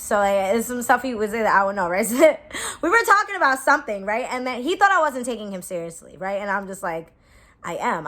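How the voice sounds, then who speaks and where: A woman's voice: fairly high pitch, fairly bright tone. A woman in her twenties telling a casual storytime to her viewers, blunt and profane, laughing often and acting out her own lines. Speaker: vlogger.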